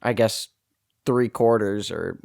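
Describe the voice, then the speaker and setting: A man with a low, gravelly voice talks casually on a movie podcast. His sentences wander, and he restarts them often as he works out his opinion. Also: slow, darkish tone. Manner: rambling, self-correcting, laughs easily. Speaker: podcast co-host. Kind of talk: casual movie-review chat.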